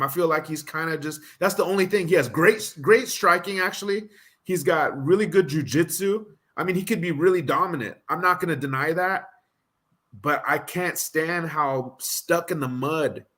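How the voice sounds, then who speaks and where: A man's voice: a little high, normal speed, a bit bright. A man co-hosting a fight prediction stream, casually reading out fighter statistics and weighing his pick. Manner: analytical, rattles off fight stats. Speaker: co-host of a fight prediction show. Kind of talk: casual live-stream chat.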